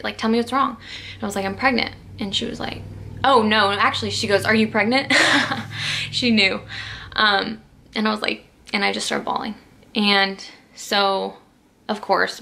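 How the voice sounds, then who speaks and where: A woman's voice: medium pitch, vocal fry, bright, forceful tone. A young woman vlogger telling a personal story to camera in a rambling, emotional way. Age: young adult. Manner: emotional, rambling with many "like"s and restarts.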